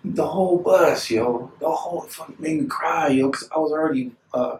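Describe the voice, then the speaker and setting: Guy rambling through stories, kinda high voice, sounds far from the mic in an echoey room. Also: a little fast, slight background noise. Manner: rambling, animated, acts out quoted voices. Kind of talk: casual storytelling chat.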